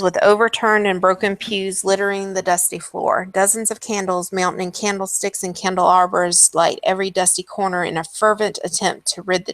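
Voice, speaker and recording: A woman narrating a tabletop game as dungeon master, unhurried and descriptive, with frequent ums. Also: medium pitch, fairly bright tone, no room sound.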